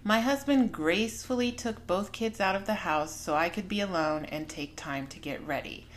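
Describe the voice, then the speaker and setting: A woman's voice: mid-range voice, normal speed, a little hiss or hum. A woman in her forties hosting a podcast, telling a personal story in a candid, frank manner with some swearing. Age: 40s. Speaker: podcast host.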